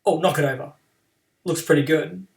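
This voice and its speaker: A man's voice: on the high side, normal speed, vocal fry, far from the mic. A man streaming a game live and chatting casually about his play, with playful trash talk toward his opponent.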